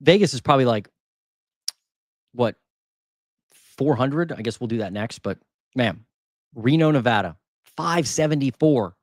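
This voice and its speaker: A man's voice: medium pitch, animated, measured pace, pauses often, no echo, clean studio sound. Casual man thinking aloud on market data. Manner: thinks aloud, restarts and repeats figures. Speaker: housing market channel host.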